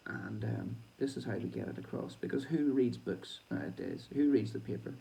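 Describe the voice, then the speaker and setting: A man's voice: medium pitch, normal speed, gravelly, warm tone, far from the mic, poor audio. A man hosting a boxing show, reading news aloud and breaking off into chatty, sweary asides with laughing comments.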